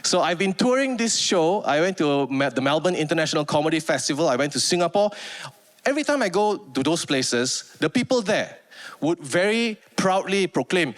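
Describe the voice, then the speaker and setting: A man in his thirties with a Malaysian English accent, performing stand-up comedy on stage, animated and mimicking voices. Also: a little high, moderate pace. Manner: animated, mimics voices, sings snatches of rhymes. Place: on stage before a live audience.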